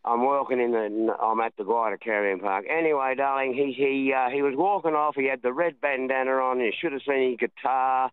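A man's voice: mid-range voice, steady tone, fairly quick, hardly any pauses, clean tone, dry recording. A man with an Australian accent calling in to a radio show, telling a rambling story and calling the host darling. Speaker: radio caller. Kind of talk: phone-in storytelling. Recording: phone line.

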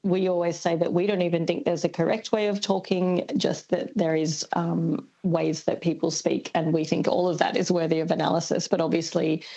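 An Australian woman speaks as a guest linguist on the radio. Her voice sits a little low, with a husky, gravelly texture. She explains patiently and hesitantly, her words a touch muffled by the broadcast. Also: little pitch movement, normal speed, few pauses, mellow. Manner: thoughtful, hesitant with many ums. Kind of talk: radio interview.

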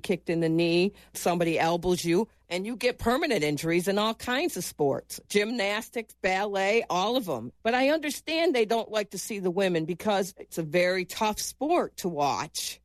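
A woman's voice: on the low side, no room sound. A middle-aged American woman tells her story in an interview, earnest and insistent, doubling back on words when she gets moved. The sound is dry and close, with no room around her voice. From United States. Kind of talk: emotional personal recollection.

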